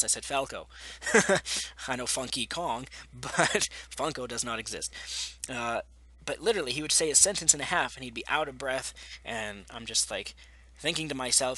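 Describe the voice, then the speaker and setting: A man's voice: mid-range voice, expressive, normal speed, sharp tone, no echo. A man from Canada, a gaming vlogger, delivering an exasperated, profane rant full of sarcastic asides. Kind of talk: ranting vlog monologue.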